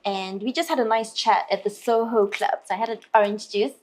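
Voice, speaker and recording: A woman in her thirties tells stories from her singing career as an interview guest. She talks in a lively, animated way, slipping into put-on voices for the people she quotes. Her pitch sits in the middle range. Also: fairly quick. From Malaysia. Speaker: singer-songwriter guest. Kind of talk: storytelling in an interview.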